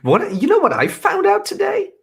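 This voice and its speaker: Man, dry lively storyteller. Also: extremely high pitch, moderate pace, creaky. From Netherlands. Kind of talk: casual chat.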